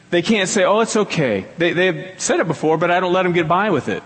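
Man, pastor, middle-aged, earnest storytelling sermon, repeats phrases, slightly higher voice, hall echo. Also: expressive, a little fast, few pauses, fairly bright tone, husky. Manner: acts out quoted people in a higher voice. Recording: long hall reverb.

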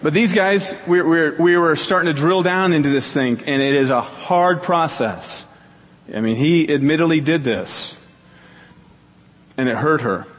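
Man, pastor, middle-aged, earnest storytelling sermon, repeats phrases, slightly higher voice, hall echo. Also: a little slow, slight background noise. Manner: acts out quoted people in a higher voice. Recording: long hall reverb.

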